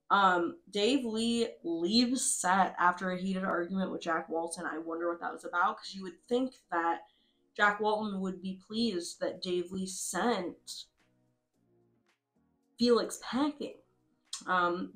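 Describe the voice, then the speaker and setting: This woman hosts a casual play-along commentary in an even, mid-range voice. She is chatty, breaks into laughs, and swears offhandedly. A little music plays softly under her. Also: mid-range voice. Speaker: host. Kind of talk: casual commentary over a game.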